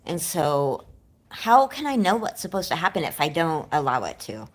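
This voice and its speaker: A woman with a slightly low voice talks openly to viewers on a livestream. Her speech has a slight nervous lisp, and she rambles, circling back on her own doubts as she goes. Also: very animated, moderate pace. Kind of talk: candid livestream chat.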